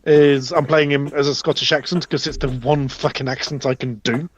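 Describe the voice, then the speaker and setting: A man talking excitedly and swearing a lot in a casual chat among tabletop gamers. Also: mid-range voice, normal speed, lo-fi sound. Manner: sweary, enthusiastic. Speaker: tabletop game player.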